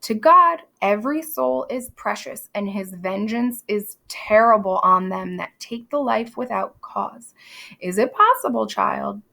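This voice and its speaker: A woman's voice: mid-range voice, expressive, measured pace, vocal fry, bright, forceful tone, heavily acted. A woman voicing a stern, skeptical male judge who delivers a solemn warning.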